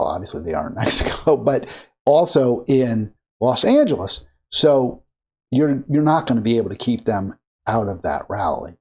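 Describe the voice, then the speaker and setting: A man's voice: mid-range voice, darkish tone. A man from Maryland hosting a political commentary show, talking casually and rambling with many fillers and restarts. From Maryland, USA.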